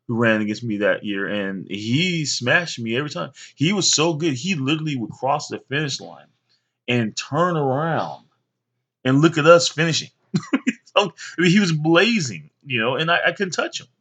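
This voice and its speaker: A young man casually telling rambling stories to his sons, with many fillers and lively bursts when he quotes others. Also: medium pitch, normal speed. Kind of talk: casual storytelling to camera.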